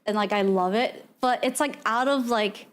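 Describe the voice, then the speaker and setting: A woman's voice: fairly high pitch, moderate pace. A woman streamer chatting casually with her chat, laughing often and talking in loose, restarting sentences. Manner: lots of "like" fillers and restarts. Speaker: VTuber streamer.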